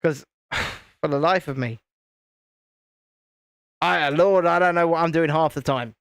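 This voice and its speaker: A man's voice: on the high side, a little slow, a bit bright, clean tone, dry recording, studio quality. A man hosting a live stream, chatting casually in a rambling, self-interrupting way while he builds a set. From United Kingdom.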